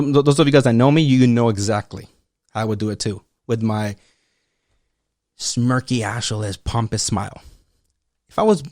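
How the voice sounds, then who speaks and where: Animated, profane man. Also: fairly high pitch, dry recording, studio quality. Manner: animated, profane, joking, acts out mock dialogues. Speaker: podcast host. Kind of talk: casual commentary monologue.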